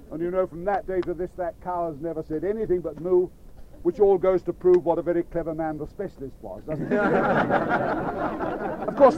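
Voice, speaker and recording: A playful male storyteller telling a children's tale to a live audience, chatting directly with his listeners. His voice is fairly high, and the recording sounds dull and lo-fi. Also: slight background noise.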